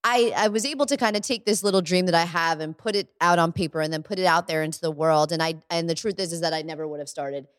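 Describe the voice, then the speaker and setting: A woman's voice: on the low side, quick pace, hardly any pauses, no echo. A woman co-hosting a podcast in casual chat, rambling with lots of "like" and "you know", on a studio microphone. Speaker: podcast co-host.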